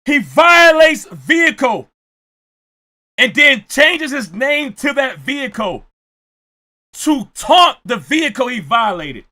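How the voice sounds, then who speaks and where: A man doing comedic reaction commentary, ranting loudly and often shouting his punchlines. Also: extremely high pitch, very animated, takes it slowly. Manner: repeats jokes for effect. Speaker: reaction streamer.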